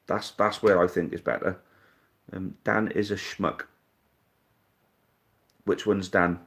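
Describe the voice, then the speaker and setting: Reading out comments from his viewers, this live stream host in his thirties replies bluntly and jokingly, relaxed and cursing freely. He speaks slowly in a low, steady voice that's a bit bright.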